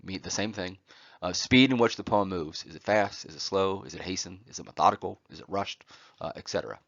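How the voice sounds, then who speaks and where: A man giving a recorded poetry lecture over slides, often pausing on "uh" and checking in with "right?". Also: deep voice, vocal fry, fairly bright tone, no echo, dull audio. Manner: frequent "uh" fillers and "right?" check-ins.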